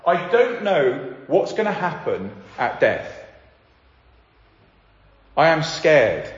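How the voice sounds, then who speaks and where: A frightened, hesitant man on a doomed plane, as a preacher acts him out in a sermon story. His fairly high voice rises and falls a lot. The sound carries a long hall echo and a slightly dull tone. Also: sing-song, slow pace. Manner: anxious, hesitant. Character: frightened male airplane passenger.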